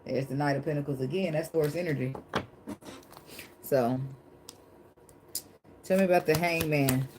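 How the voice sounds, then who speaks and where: Over background noise, a woman with a low voice gives a casual tarot reading at a moderate pace, pausing often. She's blunt and emphatic, swears a lot, laughs, and drifts into preachy remarks on faith, describing herself as dramatic.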